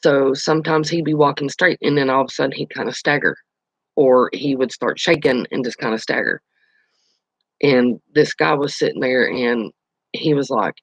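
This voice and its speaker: A man's voice: medium pitch, moderate pace, no room sound, low-quality recording. A man hosting his own channel, chatting casually on a live stream, telling stories and answering viewer comments. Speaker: channel host.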